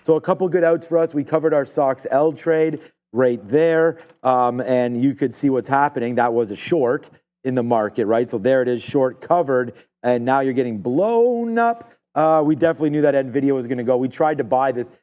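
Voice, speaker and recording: Male trading host, live commentary, loose and rambling, relaxed dark timbre. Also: mid-range voice, moderate pace. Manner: rambling, excitable, filler-heavy.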